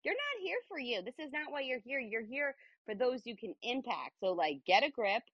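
A woman's voice: fairly high pitch, big pitch swings, normal speed, no echo, muffled recording, voice pushed up. A woman voicing God as a blunt, streetwise inner voice that scolds her in casual slang. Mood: chiding.

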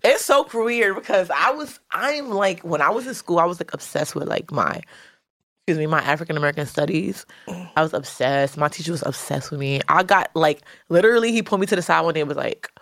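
A woman's voice: low-pitched, lively intonation, fairly quick, gravelly, a bit bright, dry recording. A woman rapper, being interviewed, who talks loosely and slangily with lots of "like", restarts and casual swearing. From the Bronx, New York. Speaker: rapper, guest.

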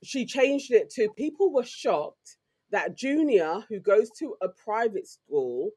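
A woman with a London accent, co-hosting a podcast and telling stories in a lively, slangy way. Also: on the high side, takes it slowly, husky. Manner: animated, slangy storytelling. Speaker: podcast co-host. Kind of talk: casual chat.

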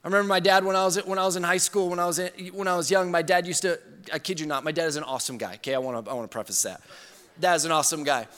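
A man preaching a sermon as pastor. He talks earnestly and swings from loud emphasis down to soft, slow, near-hushed lines. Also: on the high side, big-room sound. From Georgia, US.

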